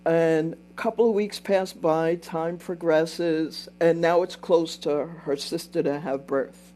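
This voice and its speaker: Speaking slowly with few pauses, this older woman has a deep, warm voice and fairly even intonation. She's hosting a relaxed livestream, chatting through a story, going over the same points again, and stopping to thank viewers and reply to them.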